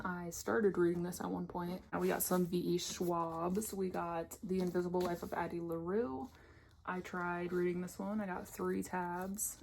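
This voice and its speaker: A woman's voice: lowish voice, creaky, darkish tone, slight background noise. A young woman giving a casual, candid tour of her bookshelves, swearing freely as she talks. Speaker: book vlogger. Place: home room by her bookshelves. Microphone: camera on tripod.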